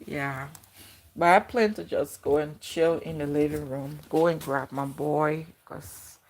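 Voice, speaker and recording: Slow-talking, low-voiced woman livestreaming. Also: steady tone. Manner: effusive, gushing thanks to viewers. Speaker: YouTuber livestreaming. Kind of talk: casual livestream chat. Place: home kitchen.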